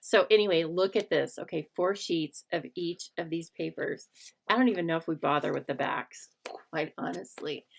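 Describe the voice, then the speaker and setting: A woman's voice: lowish voice, normal speed, gravelly. A middle-aged woman hosting a live papercraft stream, chatting casually, teasing herself and greeting viewers by name. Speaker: host of a live stamping and papercraft show.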